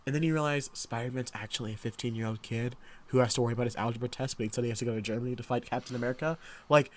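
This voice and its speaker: Young man, podcast co-host, excitable, rambling, middle pitch. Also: very fast. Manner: excitable, rambling, full of restarts and fillers. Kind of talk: casual chat.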